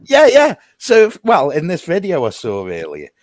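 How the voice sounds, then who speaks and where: A man telling a story in an online group call, animated and sweary. His pitch swings widely, and the sound is dry and close. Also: normal speed, no room sound. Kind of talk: casual group chat online.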